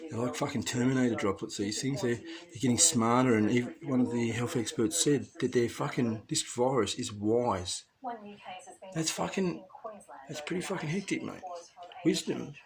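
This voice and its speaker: Australian man, profane rambling vlog rant, medium pitch, noisy crowd behind. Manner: heavy swearing, rambling, conspiratorial. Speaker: vlogger addressing preppers.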